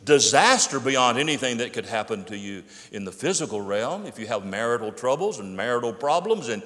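A pastor delivering a sermon from the pulpit, his voice ringing out with a long hall reverb. He builds up emphasis, then slows to repeat his main points. A man of middle pitch, speaking in a church sanctuary. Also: very animated, a bit bright. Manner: preacherly, rising emphasis and slow repeated key phrases.

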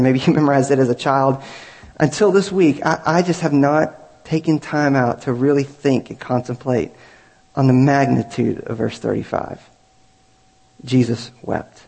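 A man's voice: medium pitch, fairly even intonation, moderate pace, gravelly, darkish tone, slightly rough. A man preaching a sermon as pastor, earnest and conversational, building to raised emphatic peaks. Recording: reverberant hall.

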